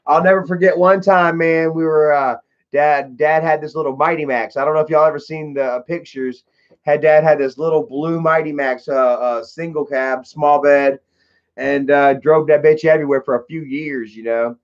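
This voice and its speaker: A man's voice: a little high, steady tone, normal speed. A young man on a livestream, telling loose, profane stories in a slightly raised voice. The audio is dull and lo-fi, like a cheap stream mic. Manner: swearing, laid-back storytelling. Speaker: livestream host. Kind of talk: casual storytelling livestream.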